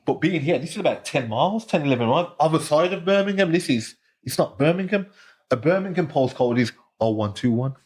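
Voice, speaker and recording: A man's voice: a little high, expressive, a little fast, a little mellow, husky. A man from the Black Country with its accent, a retired boxer chatting as a podcast guest, repeating phrases and saying "you know" often. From Smethwick, Black Country, England. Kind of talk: casual podcast chat.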